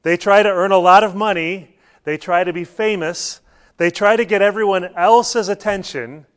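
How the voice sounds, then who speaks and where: A man's voice: high voice, normal speed. A man preaching a sermon in a conversational way, mixing scripture with homely stories. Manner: conversational preaching with anecdotes and light laughs. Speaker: pastor.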